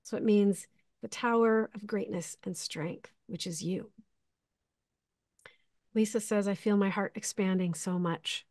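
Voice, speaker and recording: A woman's voice: medium pitch, fairly even intonation, a little slow, long pauses, a little mellow, no room sound, studio quality. A woman hosting a live online spiritual class, gushing and giggly as she speaks with emotion on a video call. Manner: effusive and giggly, gushing with feeling. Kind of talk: live online class, heartfelt closing remarks.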